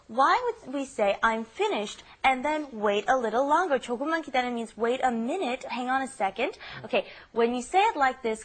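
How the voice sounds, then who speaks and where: A woman with a slightly high voice leads a language lesson. She explains each phrase steadily and patiently. She keeps checking whether the learners are following. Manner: steady, patient teaching with frequent "okay?" checks. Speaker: Korean teacher co-hosting a lesson podcast.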